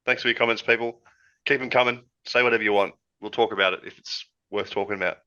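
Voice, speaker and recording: Man, podcast co-host, easygoing rambling chat, bright forceful tone, slightly low voice, dull old headset sound. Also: steady tone, fast talker. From Australia. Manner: rambling, easygoing, laughs often. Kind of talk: casual chat. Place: hot room at home with big fan. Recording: lo-fi headset audio.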